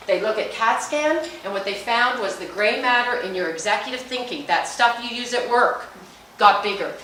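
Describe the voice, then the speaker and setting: A middle-aged woman giving an energetic, jokey talk on meditation to a business audience. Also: on the high side, a little hiss or hum. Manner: energetic, chatty, jokey and emphatic. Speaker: speaker at a business luncheon. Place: large hall. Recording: echoey hall, mic at a distance.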